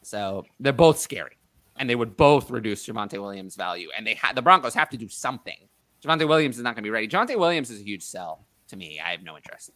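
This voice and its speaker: A man hosting a casual sports talk show, opinionated and thinking out loud with frequent restarts. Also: on the low side, very animated, quick pace, no echo. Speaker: podcast host. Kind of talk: casual fantasy football chat.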